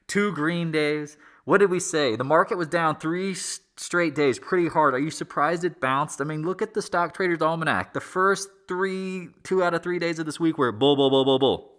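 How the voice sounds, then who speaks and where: A man's voice: fairly high pitch, a bit bright. A man hosting a casual live market chat, talking in a blunt, rambling and exasperated way. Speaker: market commentary host.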